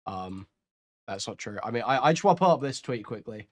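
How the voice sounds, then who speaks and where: A man's voice: mid-range voice, expressive, fairly quick, no echo. A man on a voice call, making his point in a hesitant, stammering way. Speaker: debater on a voice call. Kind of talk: argumentative call chat.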